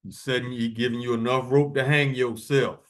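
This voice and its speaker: A man reading scripture verses slowly and adding blunt, profane commentary between them. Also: mid-range voice, steady tone. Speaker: preacher.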